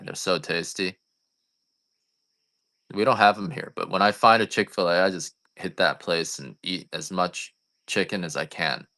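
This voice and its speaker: A deep-voiced man selling coffee on a live stream, talking in a loose, casual way. His tone is bright and forceful, and he keeps sliding into rambling, joking rants.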